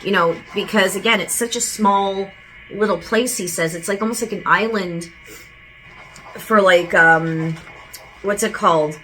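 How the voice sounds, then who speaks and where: Bright-voiced woman giving a casual psychic reading. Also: medium pitch, unhurried, slight background noise, low-quality recording. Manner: casual, rambling, relays quotes with "he goes". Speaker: psychic medium. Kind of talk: channeled spirit reading.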